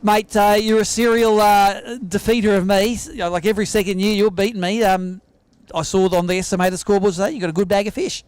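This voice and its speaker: An Australian man hosting a fishing weigh-in, bantering in an energetic, teasing way. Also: sits high, clear, resonant tone, no room sound. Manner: energetic, teasing, quick-talking. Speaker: weigh-in host. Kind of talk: live tournament emcee banter. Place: outdoor weigh-in stage at a sailing club.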